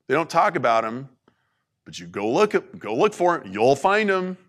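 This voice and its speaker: A man giving an informal faith talk to an audience, animated and conversational, with plenty of "like"s. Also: mid-range voice, moderate pace. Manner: animated, conversational preaching with many "like"s.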